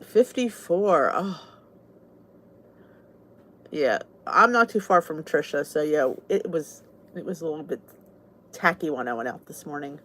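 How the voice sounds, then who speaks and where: A woman's voice: low-pitched, lively intonation, measured pace, pauses often, fairly bright tone, slight background noise. Woman, South Jersey accent, host, casual live-stream chat, rambling and chatty. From southern New Jersey. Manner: chatty, rambling, greets viewers. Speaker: host of a weight-loss channel.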